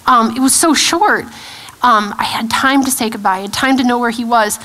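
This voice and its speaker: A woman in her thirties giving a personal testimony at a church event, earnest and halting, with frequent restarts and fillers. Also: a little high, bright, forceful tone, poor audio. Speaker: guest speaker.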